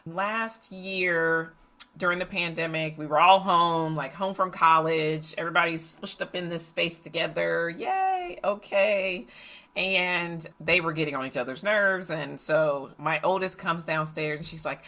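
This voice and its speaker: A middle-aged woman coach telling a family story in a lively, animated way, acting out the voices of the people in it. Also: fairly low pitch, measured pace. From United States. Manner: animated, acts out family dialogue. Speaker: coach and facilitator. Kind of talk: storytelling podcast monologue.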